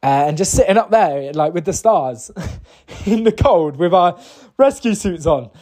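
A man from the UK with a slightly higher-pitched voice tells a personal story, chatty and enthusiastic. He stumbles, restarts and fills gaps with "um" as he goes. He then steers it toward a motivational message about goals. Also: lively intonation, unhurried, a little mellow. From United Kingdom. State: briefly emotional. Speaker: motivational speaker. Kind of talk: casual storytelling and motivational talk.

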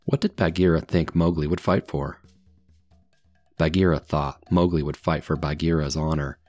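A man reads a story aloud for English learners, slowly and deliberately, pausing for comprehension questions. His voice is very low and recorded close and dry, with no room sound. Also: fairly even intonation, darkish tone, dry recording, faint music behind. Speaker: English teacher.

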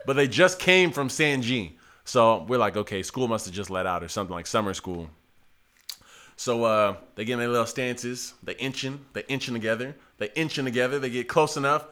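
A man's voice: mid-range voice, brisk. A young man casually telling a funny story to friends, laughing and acting out the people in it. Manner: animated, laughing, acts out voices of people in the story. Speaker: podcast host telling a story.

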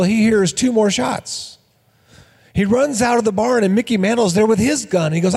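A man preaching to his congregation with a high, bright-pitched voice. He tells stories with energy and acts out the quoted lines. His voice rings with the long reverb of a large hall. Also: moderate pace, creaky, husky. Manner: energetic storytelling with acted-out quotes. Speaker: pastor. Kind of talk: sermon.

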